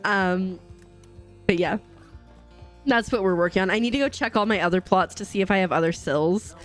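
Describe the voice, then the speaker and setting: A woman's voice: mid-range voice, moderate pace, faint music behind. A woman streaming a game live, chatting casually, laughing often and greeting her chat viewers. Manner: bubbly, giggly, greets chat viewers warmly.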